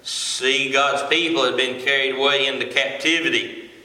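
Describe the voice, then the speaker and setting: A man in his forties preaching a sermon, folksy and halting, with frequent filler sounds, in a church sanctuary. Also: mid-range voice, fairly even intonation, pushed and bright. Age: 40s. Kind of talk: sermon with a joke opener. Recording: echoey reverberant hall.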